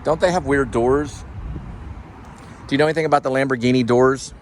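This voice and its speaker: A man's voice: medium pitch, fairly even intonation, brisk, a little hiss or hum. A man hosting a vlog, chatting casually and musing aloud from a car, often trailing off mid-thought. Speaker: vlog host. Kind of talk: casual chat.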